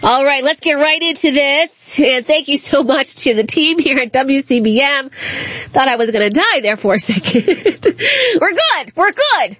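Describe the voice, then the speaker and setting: A woman's voice: sits high, normal speed, fairly bright tone, no room sound. A woman radio talk show host, out of breath, chatting with sarcastic asides from the studio.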